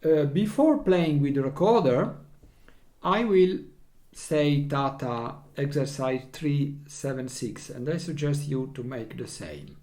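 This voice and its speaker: Slow, patient music teacher. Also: male voice, mid-range voice, darkish tone. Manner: patient, counts beats and chants rhythm syllables. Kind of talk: recorder lesson.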